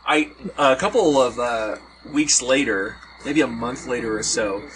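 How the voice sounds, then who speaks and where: A man's voice: medium pitch, a little slow. Man telling a story outdoors, noisy. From Hawaii. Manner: animated, acts out quoted voices. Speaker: podcast host telling a story. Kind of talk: casual storytelling among friends. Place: outdoors around a fire at a party. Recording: outdoor party gathering with background noise.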